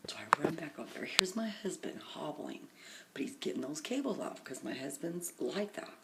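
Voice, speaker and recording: A tired middle-aged woman vlogging from her phone, telling a long, rambling everyday story and often dropping into a hushed half-whisper. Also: low voice, big pitch swings, normal speed, vocal fry. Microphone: phone camera.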